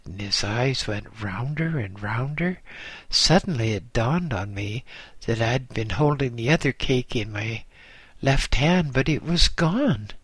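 Slow, husky male storyteller. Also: mid-range voice, a bit bright, no echo. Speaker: narrator. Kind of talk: first-person audiobook narration.

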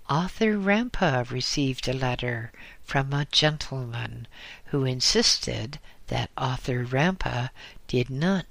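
Man narrating audiobook, slow deliberate reading, bright voice, dry close sound. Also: medium pitch, vocal fry, dry recording.

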